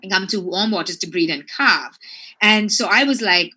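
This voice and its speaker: A woman from Sri Lanka, a marine biologist, telling a lively story in conversation and peppering it with "right?" and "like". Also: mid-range voice, moderate pace, husky. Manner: chatty, fillers like "right?" and "like".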